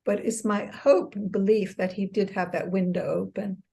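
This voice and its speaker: Older woman, from the US, earnest reflective guest, mid-pitched voice. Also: fairly even intonation, normal speed, gravelly, warm tone. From United States. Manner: earnest, reflective, with restarts and light laughs. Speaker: author and exercise therapist, guest. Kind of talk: casual interview conversation.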